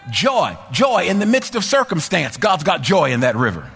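A man preaching a sermon to a congregation, with rhythmic repetition that rises to shouted, sing-song peaks. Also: a little high, big pitch swings, moderate pace, creaky, big-room sound, soft background music. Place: church sanctuary.

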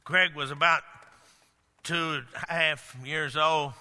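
A male pastor preaches emphatically, his voice pitched high and ringing with a very bright, sharp edge. He weaves plain storytelling into forceful declarations. The sound carries a long reverb, as if recorded in a large church sanctuary. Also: fairly even intonation, takes it slowly. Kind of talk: sermon.

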